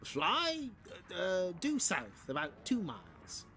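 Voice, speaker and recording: A man doing an easygoing sheriff from the old west, folksy slow drawl, a lively voice that swings up and down, bright and forward tone in a storybook reading. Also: high voice, faint music behind, heavily acted.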